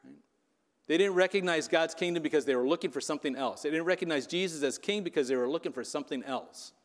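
A male pastor preaching in a conversational, questioning way. His voice sits a little high for a man. It rings through a church hall with a long reverb tail. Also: fast. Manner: conversational, keeps asking "right?". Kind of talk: sermon.

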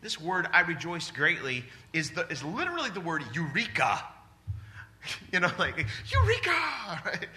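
A man in his forties preaching a sermon in a church, animated and exclamatory, often laughing. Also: a little high, normal speed. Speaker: pastor. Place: church sanctuary.

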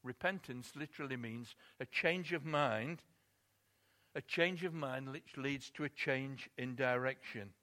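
A man's voice: medium pitch, a little slow, bright, forceful tone. A man preaching a sermon, telling a story expressively and building emphasis on key points.

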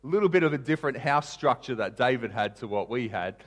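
Man, pastor, sermon, animated storytelling, loud and soft swings, mid pitch. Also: fast. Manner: storytelling, acting out characters with wide swings in loudness.

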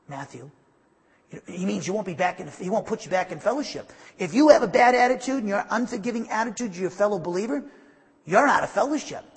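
Emphatic preaching man, husky voice. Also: sits high, in a large hall. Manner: emphatic preaching with asides and restarts. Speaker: pastor. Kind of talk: sermon.

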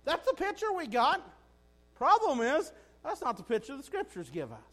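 A man preaching a sermon in a folksy, animated way, often asking his listeners "right?". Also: very high-pitched, normal speed.

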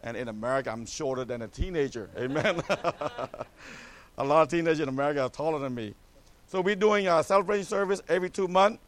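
A man's voice: fairly high pitch, a little fast. A middle-aged man from Cambodia, a missionary pastor giving a church a joking mission update full of "amen?" asides.

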